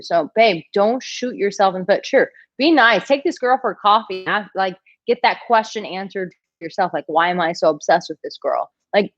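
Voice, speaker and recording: A woman's voice: mid-range voice, no echo, lo-fi sound. A woman dating coach answering viewer questions in a live Q&A, talking frankly and animatedly and laughing often. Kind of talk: live Q&A reading viewer comments.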